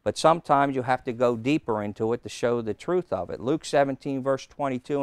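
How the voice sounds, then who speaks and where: Emphatic slow-teaching male preacher. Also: mid-range voice, clean tone, no echo. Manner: slow, emphatic teaching with sudden loud stresses. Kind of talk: sermon teaching. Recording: old taped sermon.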